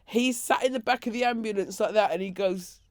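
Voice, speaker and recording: A woman, co-hosting a podcast and telling a story with lively acted-out quotes and frequent laughter. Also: mid-range voice, brisk, no room sound, studio quality. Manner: animated storytelling, acts out quotes, laughs often. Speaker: podcast co-host. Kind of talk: casual chat.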